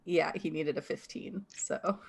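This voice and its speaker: A woman's voice: low-pitched, measured pace, creaky, husky. A woman playing a tabletop game, telling her character's actions in a dramatic storytelling way. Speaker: player.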